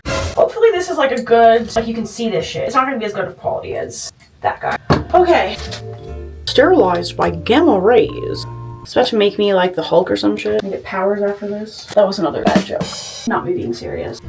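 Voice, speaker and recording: A woman's voice: mid-range voice, very animated, brisk, music in the background. A woman vlogging casually at home to a phone camera, chatty and nervous, swearing freely. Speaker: beauty vlogger.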